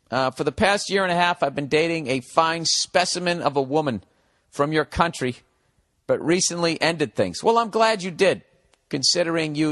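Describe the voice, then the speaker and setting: A man's voice: on the high side, a bit bright. A middle-aged man ranting on a comedy podcast, profane and sarcastic as he reads and answers a listener's letter. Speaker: podcast host.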